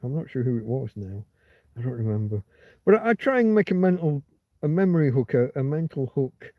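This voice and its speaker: A man's voice: mid-range voice, big pitch swings, a little fast, dry recording. A man hosting a casual livestream, rambling and digressing as he chats. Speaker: livestream host. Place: outdoors in a field. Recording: dull lo-fi dry sound.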